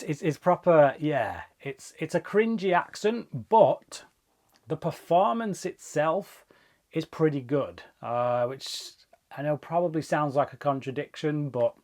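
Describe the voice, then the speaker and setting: A man talks through a film review to camera at a mid, everyday pitch. He is chatty and rambling, often circling back to restart a thought before pressing on. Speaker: movie review vlogger. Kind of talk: casual spoken film review.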